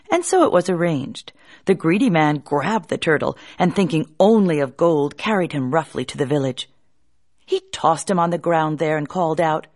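A woman telling a folk tale in an expressive, drawn-out way, hushing at tense moments. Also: low voice. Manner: expressive, drawn-out, hushed at suspense. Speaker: storyteller.

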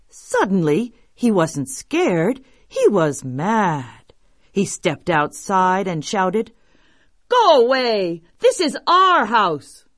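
Woman storyteller, slow, lively pitch, dry close sound, lowish voice. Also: dry recording. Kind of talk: scripted narration of folktales.

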